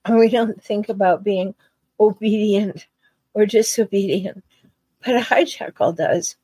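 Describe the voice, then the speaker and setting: A woman talks through relationship advice slowly and deliberately, pausing between phrases and stressing key words. Her voice is mellow and a little husky. The recording is close and dry, with no room sound. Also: mid-range voice, no room sound, low-quality recording. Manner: earnest, emphatic, repeats key phrases; unhurried with deliberate pauses. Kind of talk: solo advice talk.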